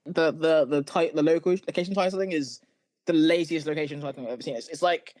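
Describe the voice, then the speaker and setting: Man, podcast co-host, somewhat high voice, wry recaps, dry mic. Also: darkish tone, no room sound. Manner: quick wry plot recaps. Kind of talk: casual chat.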